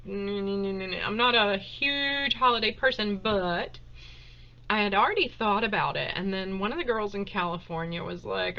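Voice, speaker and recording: A woman's voice: on the low side, pushed and bright, lo-fi sound. A woman chatting casually and emotionally on a home livestream, with lots of fillers and laughter. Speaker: host of a live Q&A stream. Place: at home, indoors. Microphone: webcam on a desktop.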